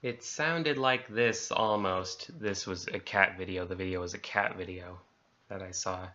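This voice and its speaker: A man's voice: sits low, steady tone, measured pace, pushed and bright, lo-fi sound. A man casually reading a horror story aloud, swapping swear words for letters and euphemisms as he goes. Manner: conversational, self-censoring swears with letters.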